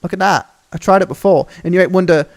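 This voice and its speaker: Young male gaming host, slightly high voice with gravel, rambling and swearing through a casual map tour. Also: quick pace. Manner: excitable, rambling, swears often. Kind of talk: casual game commentary.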